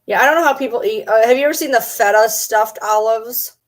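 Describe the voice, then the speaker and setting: A woman's voice: on the high side, a little fast. A woman from Michigan chats loosely with viewers, rambling from one topic to the next. Her talk is casual and teasing, and she fondly scolds her pet in between. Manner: chatty, teasing, talks baby talk to her pets. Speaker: streamer chatting with viewers. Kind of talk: casual chat.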